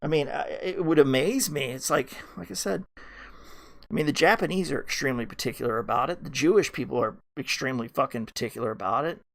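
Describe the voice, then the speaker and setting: A man's voice: medium pitch, a little fast, creaky, fairly bright tone. A man hosting a podcast, ranting in a rambling monologue full of swearing and restarts. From United States. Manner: ranting, heavy swearing, many fillers and restarts. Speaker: podcast host.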